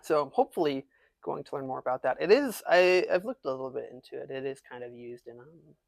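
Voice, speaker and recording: A man's voice: medium pitch, animated, gravelly, no echo. Young man with a slight lisp. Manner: casual, halting, many fillers. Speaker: transfer student guest. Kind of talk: casual interview chat.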